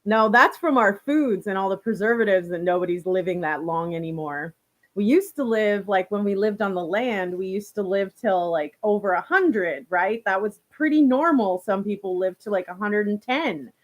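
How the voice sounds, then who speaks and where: A young Canadian woman hosts a casual live stream at medium pitch and a moderate pace, chatting warmly with viewers and reading their comments. She laughs often and fills her speech with lots of "like" and "you know."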